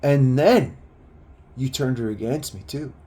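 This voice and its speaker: A man's voice: mid-range voice, measured pace, mellow. A man telling a personal story in a casual, rambling way, full of filler words and swearing.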